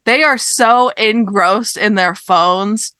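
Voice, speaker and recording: A young woman with a bright, forward voice tells a story in casual podcast chat. She rants with exasperated emphasis and swears freely. The sound is close and dry. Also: medium pitch, slow pace, no echo. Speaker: podcast co-host.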